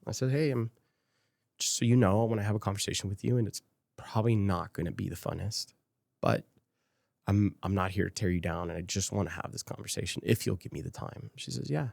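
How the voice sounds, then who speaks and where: A man from Las Vegas with a low, gravelly voice, speaking as a guest on a podcast. He tells a candid personal story and acts out old conversations as quoted dialogue, and at times he is emotional and choked up. The sound is dry and close, with no room around it. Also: a little fast, a little mellow, no echo. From Las Vegas, USA.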